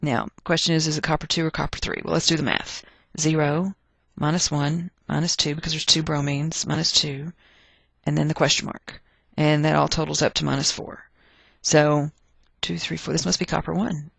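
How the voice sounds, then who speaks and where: A woman's voice: sits low, little pitch movement, normal speed, creaky, a bit bright, breathy edge, dry recording. A woman teaching a chemistry lesson, chatty and thinking aloud as she works through problems. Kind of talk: recorded chemistry lecture.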